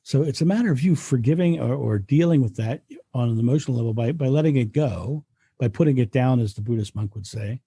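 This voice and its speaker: A man's voice: mid-range voice, a little fast, warm tone, breathy edge, dry recording. A man, a guest speaker, talking earnestly in a reflective interview and often restarting his sentences. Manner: earnest, frequent restarts and repetitions.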